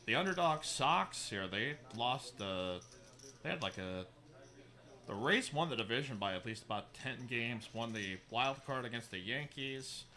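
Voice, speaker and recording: A man's voice: medium pitch, expressive, measured pace, pushed and bright. A man giving live play-by-play poker commentary in an easygoing way, with chatty asides.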